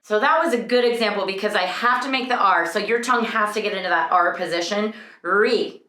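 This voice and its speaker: A young woman vocal coach teaching a singing lesson, explaining clearly and breaking into sung vowel demonstrations. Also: mid-range voice, quick pace, sharp tone, echoey room.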